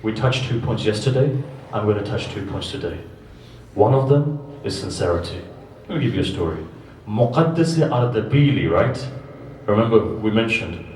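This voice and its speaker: A man's voice: on the low side, lively intonation, normal speed, a little mellow, slight background noise. Impassioned man preaching in an echoey hall. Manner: impassioned storytelling with rhetorical questions and repetition. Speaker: preacher at a mourning gathering. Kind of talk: sermon. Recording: echoey distant hall recording.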